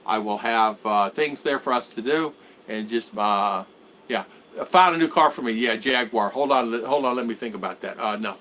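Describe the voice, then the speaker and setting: Chatty American man with a bright voice. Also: mid-range voice, normal speed, slight background noise. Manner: rambling, reads viewer comments aloud, frequent fillers. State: recovering from a cold. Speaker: vlog host. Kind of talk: casual live stream chat. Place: home in the Philippines.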